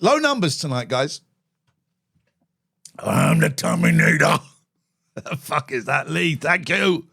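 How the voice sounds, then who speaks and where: A man's voice: a little high, very animated, measured pace, bright, forceful tone. A man hosting a live call-in stream, brash and sweary, bantering with callers.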